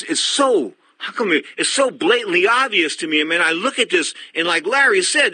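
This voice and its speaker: A man's voice: sits high, sharp tone, no room sound. A man hosting a sports radio show, talking bluntly and emphatically and repeating his points. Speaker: radio host. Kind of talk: opinionated sports radio talk.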